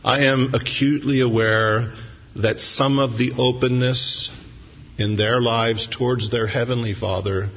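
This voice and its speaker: A male pastor preaches with a gravelly, fry-edged voice that carries a long reverb through a big church. He moves between humorous stories and earnest reflection. The recording sounds dull and lo-fi, with a faint hiss underneath. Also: medium pitch, fairly even intonation, unhurried. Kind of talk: sermon.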